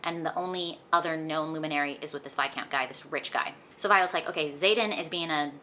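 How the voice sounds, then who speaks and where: Young female vlogger, low bright voice, chatty recap delivery, faint background hiss. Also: fast talker. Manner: chatty, animated retelling with lots of "like". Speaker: book vlogger. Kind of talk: casual book recap vlog. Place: indoors at home, sunlight on her face.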